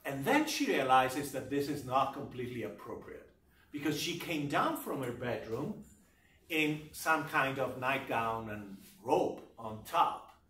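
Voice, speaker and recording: A man giving a university literature lecture, talking in a deliberate, emphatic way and often checking in with his listeners. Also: mid-range voice, sing-song, sharp tone, slight background noise. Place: lecture room. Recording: echoey room, voice from far off.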